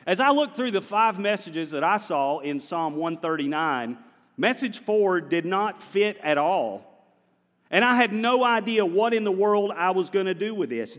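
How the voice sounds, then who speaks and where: Male pastor, higher voice, lively conversational sermon, long church reverb. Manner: animated, conversational preaching with the congregation. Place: large church sanctuary.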